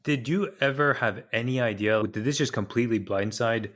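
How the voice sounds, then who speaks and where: A man's voice: mid-range voice, moderate pace, a bit bright. A man hosting a podcast interview, listening attentively and prompting his guest with short questions. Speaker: podcast host.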